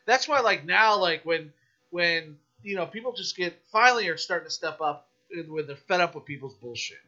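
A man guesting on a podcast, telling a story in a casual, animated, profane rant. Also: a little high, moderate pace, muffled recording.

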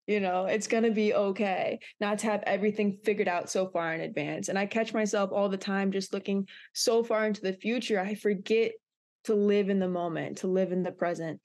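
Young female co-host, earnest and reflective, mid-pitched voice, casual podcast delivery. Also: a little fast. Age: young adult. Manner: earnest, reflective, animated when recounting.

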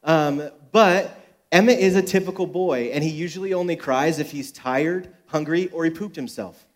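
A man's voice: fairly high pitch, moderate pace. A young adult man, a pastor, giving a sermon at a church service with joking, self-deprecating personal stories.

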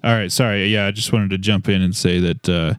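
A man's voice: deep voice, steady tone, brisk, smooth, no room sound, clean studio sound. A man co-hosting a casual Bible study podcast, chatty, jumping in with asides and fun facts. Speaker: podcast co-host.

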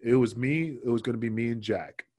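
A man's voice: mid-range voice, brisk. A man, a former wrestler, telling stories in a casual interview, swearing freely and acting out what people said. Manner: swears a lot, animated, acts out quotes.

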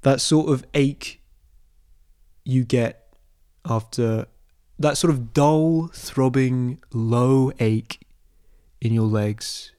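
Mellow-voiced young man, rambling. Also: medium pitch, dry recording, studio quality. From London, England. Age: 20s. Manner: rambling, hesitant, deadpan absurd humor. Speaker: podcast host. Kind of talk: casual solo podcast answering listener questions.

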